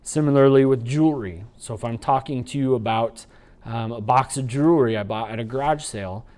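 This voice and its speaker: A man teaching a sign language training unit in an instructional lecture, explaining patiently and slowing down to demonstrate. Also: medium pitch, a little mellow. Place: training video recording.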